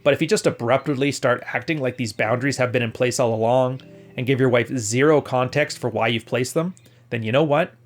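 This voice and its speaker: Blunt podcast host, male, mid-pitched, salty talk, light music bed. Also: brisk. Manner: blunt and profane, mock-quoting others. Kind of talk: casual advice commentary.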